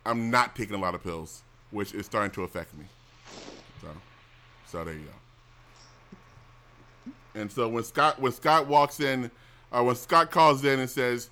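A man's voice: medium pitch, a little slow, long pauses, pushed and bright. A middle-aged man hosting a casual chat show, complaining bluntly and profanely, with frequent restarts. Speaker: show host.

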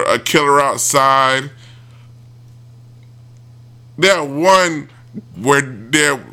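Animated, bright-voiced man rambling. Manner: rambling retelling with many restarts, mimicking people in high yelps. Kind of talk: casual commentary.

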